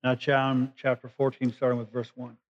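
The recording is dull and lo-fi, carrying a male pastor's medium-pitched, level voice at normal speed. He gives a conversational sermon, paraphrasing scripture and explaining it in ordinary language.

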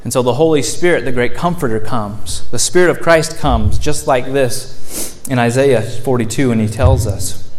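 A male pastor preaching a sermon in a church, moving between raised, emphatic lines and soft, gentle ones. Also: mid-range voice, moderate pace, few pauses, slight background noise. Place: church sanctuary.

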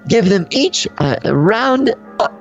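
A man's voice: high-pitched, very animated, measured pace, highs cut off, faint music behind. Ebenezer Scrooge, a man putting on a giggly old miser with a wobbly English accent. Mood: giddy. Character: grumpy old miser turned giddy, male. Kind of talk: improv comedy parody.

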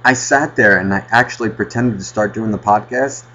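A male podcast host telling a profane, ranting story in casual chat with a husky voice. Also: on the low side, normal speed, bright, forceful tone, lo-fi sound.

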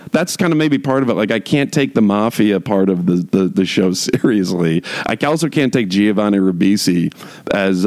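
A man's voice: lowish voice, darkish tone. A man hosting a casual talk show, ranting in a rambling, profane way full of filler words. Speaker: podcast host reviewing shows. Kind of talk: casual rant.

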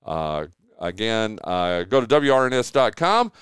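A man's voice: fairly low pitch, very animated, measured pace, fairly bright tone, smooth, no room sound, studio quality. A man hosting a local sports radio show, chatting casually and rambling through sponsor reads with lots of fillers. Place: radio studio. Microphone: close studio mic.

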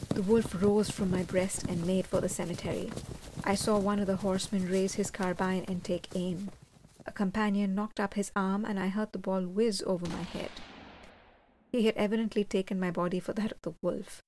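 A woman reading a first-person gothic story aloud, measured and slowing for suspense. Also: mid-range voice, darkish tone, a little hiss or hum. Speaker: audiobook reader.

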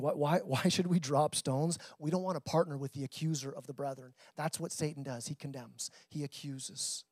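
A man's voice: high voice, dry recording. A man preaching a sermon to his church in a conversational way, repeating words as he builds and drops his intensity. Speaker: pastor.

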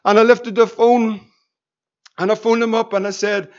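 A man's voice: high-pitched, little pitch movement, normal speed, clear, resonant tone. A middle-aged man, preaching a sermon, piling up rhetorical questions and telling anecdotes with a chuckle. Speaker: pastor. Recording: dull lo-fi recording.

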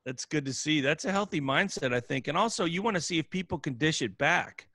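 A man in his forties, a veteran hosting a casual chat, laughing often and asking quick rhetorical questions. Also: fairly high pitch, animated, sharp tone, no room sound, studio quality.

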